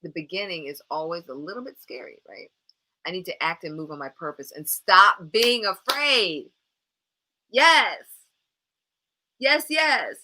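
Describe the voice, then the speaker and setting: Animated woman coaching live, bright voice. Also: mid-range voice. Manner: emphatic, repeats phrases for emphasis, speaks straight to viewers; encouraging and animated. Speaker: life coach hosting a live show. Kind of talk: live motivational coaching broadcast.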